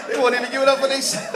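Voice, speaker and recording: A man's voice: extremely high pitch, very noisy. A male stand-up comedian, telling profane, sarcastic stories and putting on voices. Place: comedy stage before a live crowd. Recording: roomy live venue with crowd laughter.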